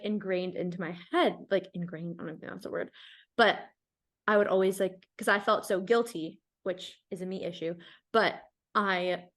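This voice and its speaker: A young adult woman chatting casually as a podcast guest, talking openly with a lot of "like" fillers. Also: mid-range voice. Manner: chatty, frequent "like" fillers, animated. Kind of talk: casual chat.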